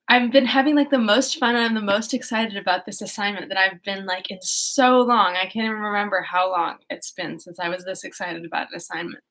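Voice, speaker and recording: A woman's voice: mid-range voice, a bit bright. A young woman chatting in a bubbly, giggly way before reading a classic novel aloud. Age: young adult. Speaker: audiobook reader. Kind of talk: casual chat and reading aloud.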